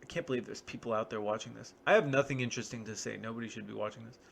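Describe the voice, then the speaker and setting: A man's voice: mid-range voice, fairly even intonation, racing, vocal fry, fairly bright tone, slight background noise. A man talking in a rambling, wry, self-deprecating solo monologue. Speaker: vlogger.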